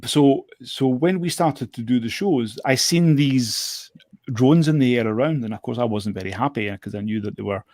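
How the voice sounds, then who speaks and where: A man's voice: medium pitch, moderate pace, darkish tone, dry recording. A man, a guest drone show operator, telling stories in casual chat, often repeating his words and laughing as he talks.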